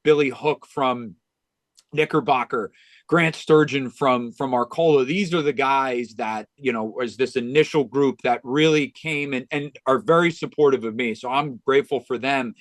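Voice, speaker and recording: An earnest man in a podcast interview tells a story from the heart, stumbling into restarts and filling gaps with "you know". His voice sits at an ordinary middle pitch. The recording is close and dry. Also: moderate pace, no room sound. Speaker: golf club director of instruction, podcast guest.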